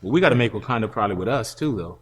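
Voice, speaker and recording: A man's voice: fairly low pitch, expressive, rapid-fire, a crowd in the background. A man interviewing a guest, dropping short questions and agreeing sounds. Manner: brief prompting questions and affirmations.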